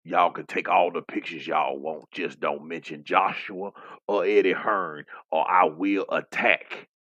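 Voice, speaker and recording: Man putting on a bragging heavyweight champ, slow low drawl, dull lo-fi sound, dry. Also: fairly even intonation, a bit bright, no room sound. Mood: boastful. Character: boastful swaggering heavyweight champ impression, man.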